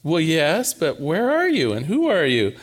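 A frantic, desperate man calling for help, as a preacher acts him out in a joke. His voice jumps well above the speaker's usual pitch and rings out in pleading yells. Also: wildly swooping pitch, unhurried, full character voice. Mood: panicked. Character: panicked man dangling from a cliff.

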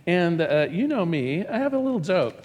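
A man preaching with a fairly high, very lively voice that swings up and down as he tells stories. His words ring with a long reverb, as if he is speaking in a large church hall. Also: moderate pace. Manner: animated storytelling, acts out a joke with rising excitement. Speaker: pastor. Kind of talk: sermon.

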